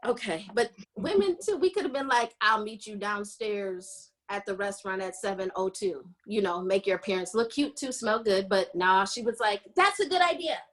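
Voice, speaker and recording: Animated woman recapping a story. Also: mid-range voice, moderate pace, hardly any pauses. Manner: animated storytelling, acting out characters' lines. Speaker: podcast host. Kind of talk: casual book recap chat.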